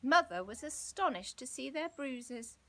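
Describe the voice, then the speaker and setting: Woman, storybook reader, high voice, lively pitch, expressive telling. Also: a little slow, rough recording. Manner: expressive, gently dramatic storytelling. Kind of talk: children's story read aloud.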